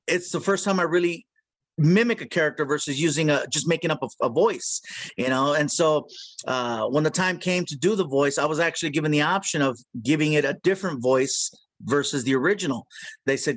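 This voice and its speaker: A man with a high voice and a dry, close sound tells animated, jokey stories as a guest in an interview. He laughs at his own punchlines and keeps slipping into character voices. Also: no echo. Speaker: guest voice actor. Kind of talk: casual interview.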